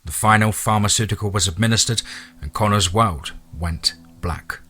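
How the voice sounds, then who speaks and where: A man narrating a monster horror story in a steady, dramatic reading. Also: fairly low pitch, moderate pace, slightly rough.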